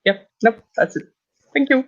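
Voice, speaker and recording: A man's voice: very high-pitched, lively intonation, moderate pace, dull audio. A man from South Africa, a writer speaking hesitantly during a casual livestream chat. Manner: hesitant, unsure. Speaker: writer, guest streamer.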